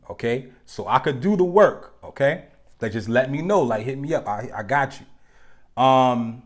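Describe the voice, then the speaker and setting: Laid-back man chatting to live viewers. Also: medium pitch. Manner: loose and conversational, slang, joking asides to the chat; slows down to stress key points. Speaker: host of a live relationship talk show. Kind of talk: casual live-stream talk to viewers.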